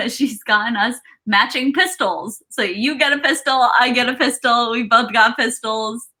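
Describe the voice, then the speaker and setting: A woman's voice: on the high side, a little slow, sharp tone. A woman playing a tabletop game who chattily describes what her character does, often laughing. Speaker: player. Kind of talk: casual tabletop play.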